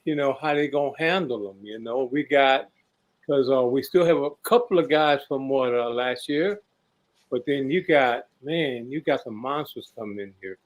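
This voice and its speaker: A man on a video call chatting casually about football, relaxed and musing, often saying "you know". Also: medium pitch, normal speed. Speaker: show panelist. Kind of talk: casual sports chat.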